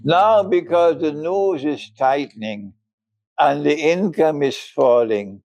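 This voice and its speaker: An older man giving a religious lecture, emphatic and deliberate, often breaking into chuckles. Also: on the high side, gravelly, a little mellow, dry recording, muffled recording. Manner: slow and deliberate, spelling out words. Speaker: Islamic scholar lecturing.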